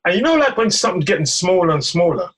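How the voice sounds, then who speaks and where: A man, a firefighter guest, telling a story in an animated way, laughing often and acting out what others said. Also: high-pitched, fast. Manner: laughs often, acts out quotes, stammers.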